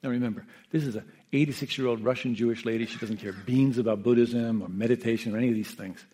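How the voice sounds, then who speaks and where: A man, a meditation teacher who sat with the dying, gives an unhurried, reflective talk, often checking in with his listeners. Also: mid-range voice, steady tone, slightly rough. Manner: gentle, unhurried, often asks "Yeah?" and "you know". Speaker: meditation teacher and hospice caregiver.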